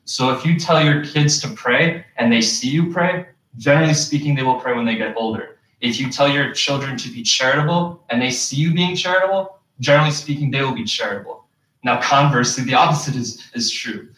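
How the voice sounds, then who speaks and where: A young man delivers a sermon in a plain mid-pitched voice, earnest and patient, stopping often to ask the listeners questions. He sounds set back from the mic. His words ring through a large, echoing prayer hall. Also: a bit bright. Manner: earnest, explains step by step with rhetorical questions. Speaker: Friday sermon speaker. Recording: echoey hall, distant mic.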